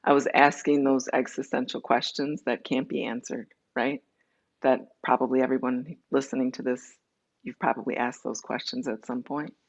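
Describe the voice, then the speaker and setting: A woman's voice: a bass voice, steady tone, highs cut off. A woman being interviewed, telling her personal story candidly and acting out the dialogue as she goes. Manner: candid, tells her story in quick runs with acted-out dialogue. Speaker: interview guest.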